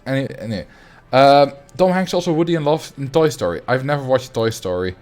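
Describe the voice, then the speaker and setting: A man's voice: medium pitch, expressive, a little fast, darkish tone. A young adult man streaming a game, chatting casually and rambling as he answers his viewers. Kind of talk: casual livestream chat while playing.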